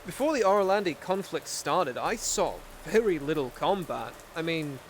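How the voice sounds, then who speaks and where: A man voicing a young male sergeant in a casual roleplay, rambling and pausing to search for words. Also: fairly high pitch, lively intonation, slight background noise, natural voice. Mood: reminiscing. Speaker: roleplay player.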